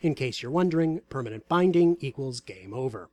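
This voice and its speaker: A man reading aloud a story about a tabletop game session in a wry, deadpan way. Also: medium pitch, a little fast.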